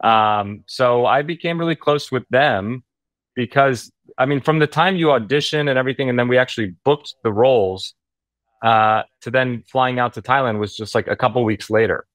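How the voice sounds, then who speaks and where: A man's voice: mid-range voice, moderate pace, fairly bright tone. A man chatting casually as an interview guest. His storytelling rambles and is full of fillers, in a mid-range voice. The sound is dry, with no room echo. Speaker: actor guest.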